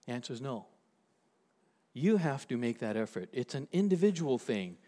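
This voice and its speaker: A man preaching a sermon as pastor, reading scripture aloud and slowing down to stress key words. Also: medium pitch, sing-song, dark tone. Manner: reads scripture aloud to the congregation.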